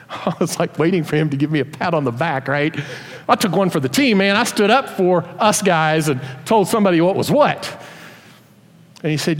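A high-voiced man preaches with lively swings in pitch, telling stories and tossing in playful voiced asides. His voice rings with a long reverb, as in a large sanctuary. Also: fairly quick. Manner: animated storytelling with voiced asides. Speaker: pastor. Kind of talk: sermon.

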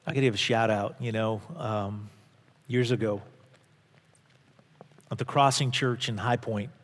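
A man's voice: lowish voice, steady tone, measured pace, in a large hall. A male pastor preaching a sermon, earnest and emphatic, repeating phrases for stress. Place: church sanctuary.

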